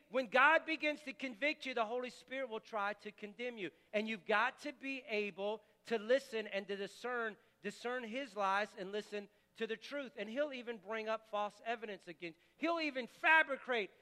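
A man's voice: extremely high pitch, moderate pace, pushed and bright. A male pastor preaching a sermon in a church, impassioned and conversational, often restarting his sentences. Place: church sanctuary. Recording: long church reverb.

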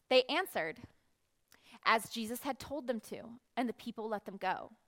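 A high, bright woman's voice reads scripture and then explains it in a lively teaching manner. She acts out the crowd's shouts with animated emphasis. Her tone stays crisp and forward. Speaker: children's Bible teacher. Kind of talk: Bible reading and lesson.

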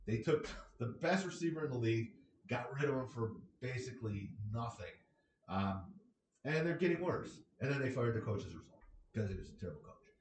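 A man's voice: mid-range voice, a little hiss or hum. Rambling sarcastic man, echoey room. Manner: rambling and sarcastic, chuckling often. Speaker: podcast host. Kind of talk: casual monologue. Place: his home. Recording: echoey room, distant from the mic.

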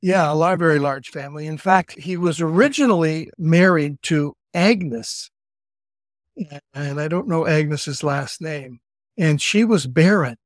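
An older man co-hosting a podcast, chatting casually and telling family stories with quick asides. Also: on the high side, no room sound, studio quality. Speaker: podcast co-host. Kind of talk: casual family-history chat.

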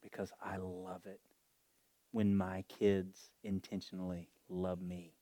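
A male preacher with a fairly low voice delivers a fervent, heartfelt sermon. He stretches his phrases and lingers on them. The recording is dry and close. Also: completely flat delivery, warm tone, dry recording. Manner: fervent, emotional, drawn-out preaching.

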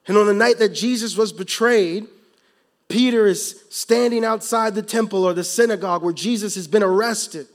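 A man preaching a sermon, moving from calm teaching to loud, emphatic passages, with casual slang in his storytelling. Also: sits high, normal speed. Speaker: pastor.

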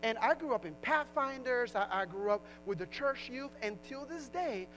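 Woman speaker, high voice, from New Jersey and Puerto Rico; earnest, reflective personal talk. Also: lively intonation, moderate pace, a bit bright, faint music behind, low-quality recording.

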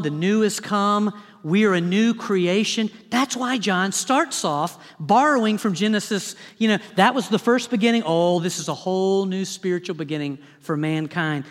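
Recorded in a church sanctuary, a high-pitched male pastor preaches with dramatic energy and throws in funny asides, all carried by big-room acoustics.

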